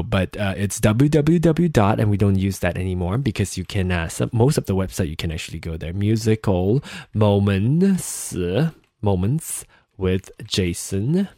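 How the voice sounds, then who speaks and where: Sitting close to his desk mic, a weary solo podcast host rambles casually, chatting, making self-deprecating jokes, and cursing in passing. He has a lowish, somewhat mellow voice with no room sound.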